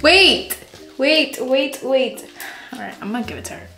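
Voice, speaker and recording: A young woman vlogger chatting excitedly and gushing over gifts. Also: high-pitched, normal speed. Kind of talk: casual chat. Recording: echoey room with music.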